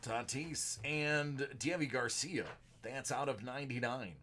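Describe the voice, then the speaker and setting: A man's voice: mid-range voice, measured pace, slight background noise. A man hosting a live card break, calling out player names as he opens packs, with a sore throat that leaves him short of breath and unable to project. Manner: rattles off card names, bursts of excitement at big pulls.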